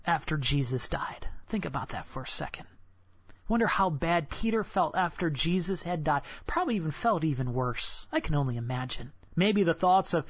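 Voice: medium pitch, dry recording. Whispery, conversational preacher, lo-fi sound. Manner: conversational, drops to a hushed whisper for solemn points. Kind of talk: devotional sermon. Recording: dull, dry lo-fi recording.

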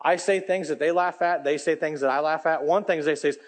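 A man preaching a lively sermon as pastor, swinging between loud, high lines and quiet, low asides. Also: fast talker, few pauses. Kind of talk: energetic sermon.

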